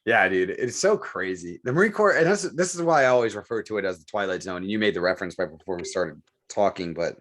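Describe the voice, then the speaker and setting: A deep-voiced, fast-talking podcast co-host tells military stories in casual, profane chat. His storytelling is animated, and he mimics the voices of the people he quotes.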